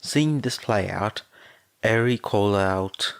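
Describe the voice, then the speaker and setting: Fan audiobook reader, man, lowish voice, very slow even reading. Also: no room sound. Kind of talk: audiobook narration.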